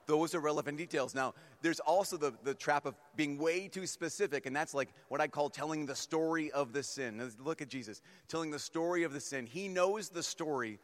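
A male priest giving a humorous, lively sermon to a young crowd and acting out little stories as he goes. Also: a little high, normal speed. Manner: humorous, animated, acts out stories. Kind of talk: sermon to a youth gathering. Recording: long reverb in a large hall.

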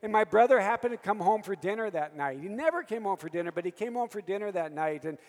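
Male priest, 50s, sermon, storytelling, high pitched, long reverb. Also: lively intonation, fast talker. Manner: storytelling, calls for "Amen?" from the audience. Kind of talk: sermon with personal stories.

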